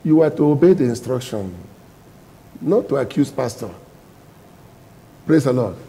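A man preaching a sermon as pastor, calling out questions to the congregation and bursting into loud emphatic lines. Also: medium pitch, expressive, measured pace, creaky, long reverb tail, rough recording.

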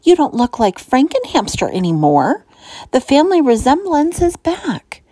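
A sensible, brisk little female hamster, played by a woman reading a storybook aloud who chatters reassurance at her sister. Her voice rises and falls with lively expression. The sound is close and dry. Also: high voice, no room sound, pitched above the performer's own voice. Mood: soothing.

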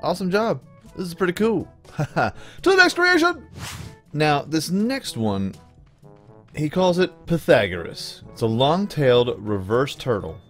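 A man's voice: a little high, sing-song, measured pace, soft background music. Playful man hosting a let's play. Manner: playful and goofy, chuckling often. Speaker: gameplay video host. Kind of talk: casual let's play commentary.

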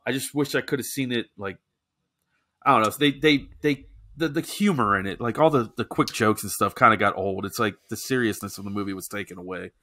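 A man's voice: fairly low pitch, brisk, bright, forceful tone. A man co-hosting a comedy podcast, talking loosely and casually with plenty of swearing. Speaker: podcast co-host. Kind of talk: casual chat.

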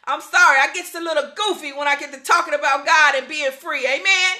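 A woman preaching a sermon, fervent and playful, often shouting praise and laughing through goofy asides. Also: high voice, brisk. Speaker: pastor.

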